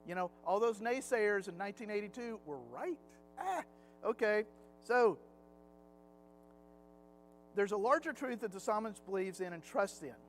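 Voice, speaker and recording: High-voiced middle-aged man teaching Bible class. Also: expressive, moderate pace, long pauses, faint music behind, rough recording. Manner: chatty, anecdotal, slips into acted quotes. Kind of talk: conversational Sunday Bible lesson. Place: church classroom.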